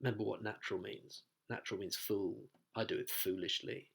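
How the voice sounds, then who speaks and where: A man's voice: fairly low pitch, steady tone, fairly quick, gravelly, breathy edge. A man teaching a play, explaining it line by line in a chatty way, with asides and quoted lines read aloud. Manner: reads quoted lines aloud in voices and sings snatches. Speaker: literature teacher.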